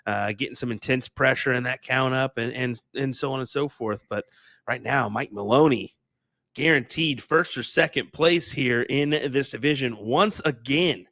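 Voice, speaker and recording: A young man co-commentating on darts in a casual, measured and analytical way, with frequent fillers. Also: medium pitch, a bit bright, dry recording, studio quality.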